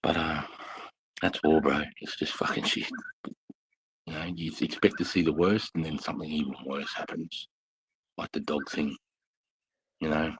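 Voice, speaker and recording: Aussie vet guy, super deep gravelly husky voice, swears a lot telling war stories. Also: level tone, normal speed, long pauses, low-quality recording. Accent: Australian. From Australia. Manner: blunt, heavy swearing, intense. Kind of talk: casual bar chat.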